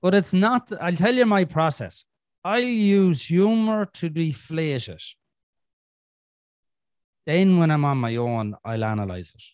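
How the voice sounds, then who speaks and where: An Irish man hosting a casual podcast, talking bluntly with plenty of swearing and jokes. His fairly high voice swings widely in pitch as he acts out his own inner voice. The recording is dry and close, with no room sound. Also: animated, measured pace, clear, resonant tone, no room sound. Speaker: podcast host.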